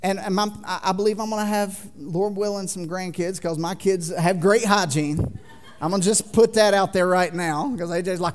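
A man in his thirties preaching a sermon in a church, folksy and joking with the congregation, swinging from loud to quiet. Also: sits high. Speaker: pastor. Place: church sanctuary.

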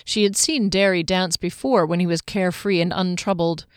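A woman's voice: lowish voice, moderate pace, no echo, clean studio sound. Woman narrating a fantasy audiobook. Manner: steady, clear storytelling.

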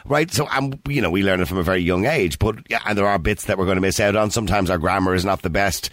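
A man's voice: sits low, fast talker, fairly bright tone, no room sound. A man with a Dublin accent hosting a phone-in radio show, chatty and teasing with callers. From Ireland. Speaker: radio host.

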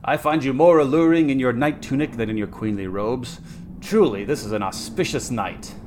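A man's voice: mid-range voice, sing-song, normal speed, noisy background, voice pushed up, natural voice. A man voicing a sardonic, lecherous mercenary captain in a story reading, speaking silkily. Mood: silky. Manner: silky, sardonic.

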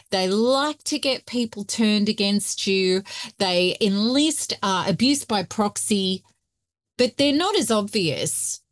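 A woman, a guest expert, talking emphatically and passionately in an interview, telling her story with lively emphasis. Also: on the high side, dry recording, clean studio sound. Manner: emphatic, passionate, often acting out quoted voices. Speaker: guest expert on narcissistic abuse.

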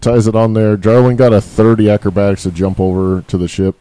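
A snarky, blunt man with a lowish, mellow voice plays a tabletop game. His comments come out short and sardonic. The recording is close and dry. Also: level tone, a little fast, no room sound. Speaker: player. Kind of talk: casual tabletop game chat.

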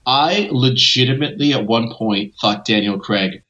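A man co-hosting a casual movie review podcast, animated and mocking, laughing often as he talks. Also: mid-range voice, moderate pace, dull audio. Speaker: podcast co-host.

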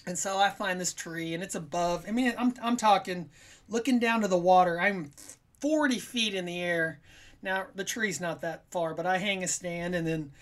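A man telling a long hunting story on a casual podcast, rambling and animated, acting out what people said. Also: high voice, normal speed. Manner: rambling, animated, quotes himself in little voices.

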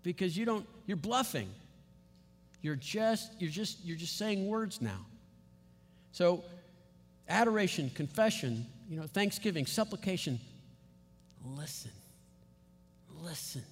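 A man preaching a sermon as pastor, emphatic and building to loud stresses on key words. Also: sits high, animated, unhurried, long pauses, faint music behind. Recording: long hall reverb.

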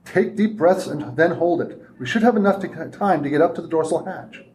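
A man reading aloud and voicing an eager, quick-thinking young woman who speaks breathless and excited. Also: lowish voice, a little hiss or hum, pitched above the performer's own voice, close to an everyday voice.

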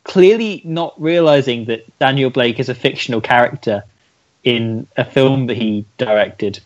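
A man co-hosting a podcast in casual, sarcastic banter. His voice sits at a medium pitch. The recording sounds a little dull and lo-fi. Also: normal speed. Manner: joking, sarcastic. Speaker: podcast co-host.

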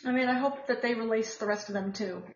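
American woman podcast host, rambly news chat, kinda high voice, dull echoey sound. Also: steady tone, fast talker, slight background noise. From United States. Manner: rambling, lots of filler words.

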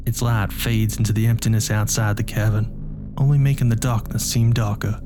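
A man reading a first-person horror story in a quiet, measured way. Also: fairly low pitch, level tone, background noise. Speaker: narrator. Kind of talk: scripted horror story narration.

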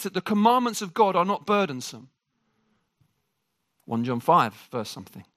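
A man preaching a sermon to a congregation. He jokes with the room and talks in an animated way. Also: high voice, dry recording, clean studio sound.

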